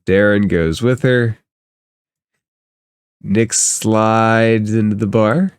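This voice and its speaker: A man's voice: fairly low pitch, steady tone, drawn-out words, clean tone, dry recording, studio quality. A man narrating a tabletop game as game master, easygoing and descriptive.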